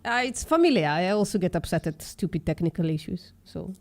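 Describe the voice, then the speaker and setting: A woman's voice: lowish voice, animated, fairly quick. A young woman with a mixed, slightly Russian-sounding accent, chatting in a laid-back way on a voice call. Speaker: outreach host. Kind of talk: casual voice chat. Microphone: good desk mic on a voice call.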